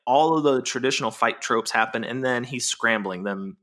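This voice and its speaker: A man co-hosting a podcast, walking through a movie's plot in a relaxed, playful way. He teases his co-host now and then. His voice sits at an ordinary middle pitch. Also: moderate pace. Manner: playful, recaps the plot, teasing. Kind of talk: casual movie recap.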